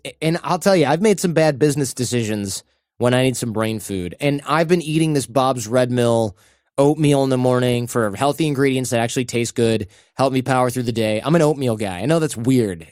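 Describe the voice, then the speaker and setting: A man with a middle-pitched voice reads sponsor spots on his podcast, loose and chatty, jumping into quick playful voices for quoted bits. The sound is dry and close, with no room around it. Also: darkish tone, dry recording. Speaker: podcast host reading sponsor ads. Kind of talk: casual ad read with banter.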